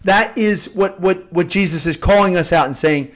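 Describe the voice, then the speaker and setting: A middle-aged man with a fairly high voice speaks as a devotional host. He talks off the cuff and earnestly, circling back and repeating words as he builds to a point. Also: normal speed. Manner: earnest, repeats and restarts phrases for emphasis. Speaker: Catholic novena host. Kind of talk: spontaneous devotional teaching.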